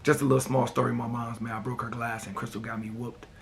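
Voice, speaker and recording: Gravelly-voiced man telling family stories. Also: medium pitch, flat delivery, fast. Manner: laid-back, repeats "man" and "you know". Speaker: host. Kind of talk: casual personal storytelling.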